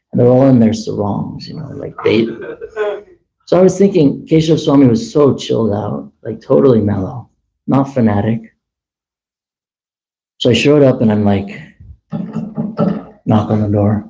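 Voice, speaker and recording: A man telling a long personal story at a temple gathering, chatty and animated, acting out the dialogue. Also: mid-range voice, creaky, dull audio. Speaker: temple speaker. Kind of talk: casual storytelling talk.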